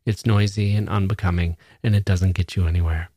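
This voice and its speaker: A man's voice: deep voice, fairly even intonation, brisk, mellow, slightly rough, no echo. A man voicing a wry young newspaper woman who is feeling ill, in a dry, understated way.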